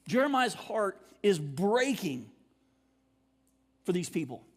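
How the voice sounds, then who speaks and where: A man with a notably high voice preaches a sermon in a relaxed, conversational way, often clearing his throat between thoughts. His voice carries a long reverb that rings out through the church sanctuary. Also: slow pace, long pauses. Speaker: pastor.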